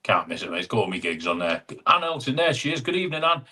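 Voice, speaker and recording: Reading viewer comments during a relaxed live chat at home, this man speaks at medium pitch with big swings, his tone pushed, bright, and slightly rough. He's chatty, full of quick asides, and keeps calling people "mate." A wireless clip-on mic captures him.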